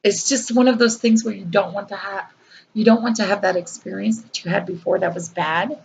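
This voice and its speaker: A woman's voice: medium pitch, a little fast, creaky, a little mellow, slight background noise, poor audio. A woman vlogger, earnestly telling a personal story in a conversational way with fillers and repeats.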